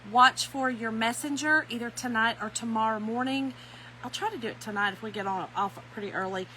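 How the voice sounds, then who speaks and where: A middle-aged woman with a drawl runs a casual craft livestream from home, chatting with viewers, greeting them by name and laughing often. Her voice is bright and a little high, and the low-quality recording has a faint hum beneath it.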